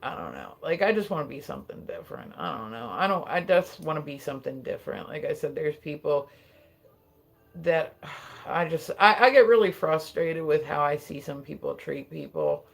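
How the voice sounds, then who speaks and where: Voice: medium pitch, sing-song, moderate pace, gravelly, fairly bright tone. A live streamer with a New Jersey accent, chatting casually into a phone and swearing freely as they drift from one tangent to the next. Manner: rambling, profane, tangent-prone.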